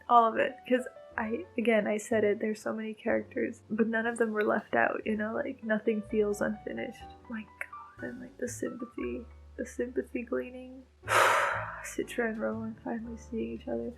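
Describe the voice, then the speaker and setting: A woman talks through her reactions to a novel in a casual readalong vlog. Her voice sits a touch high with a gravelly fry. She is gushing and emotional as she thinks aloud, with faint music underneath. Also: a bit bright, rough recording. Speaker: book vlogger.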